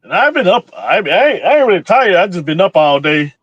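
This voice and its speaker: Laid-back trucker on dull remote audio. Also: male voice, sits high, sing-song, brisk, no echo. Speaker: co-host, fellow truck driver. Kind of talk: casual live-stream chat.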